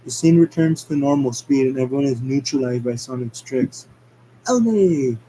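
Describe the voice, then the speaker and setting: Amateur male script reader, mellow mid-pitched voice, halting and stumbly. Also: steady tone, slight background noise, poor audio. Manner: halting, stumbling over words. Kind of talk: amateur script read-aloud.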